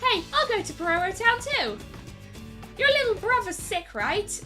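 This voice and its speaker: A woman's voice: extremely high pitch, sing-song, normal speed, pushed and bright, faint music behind, voice pushed up, full character voice. A woman voicing a chirpy, loyal young dog. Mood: earnest.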